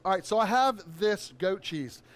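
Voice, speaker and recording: A man's voice: high-pitched, lively intonation, measured pace, crowd noise. A man, a chef doing a live cooking demo in an upbeat, chatty way. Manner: upbeat, chatty, lots of shout-outs.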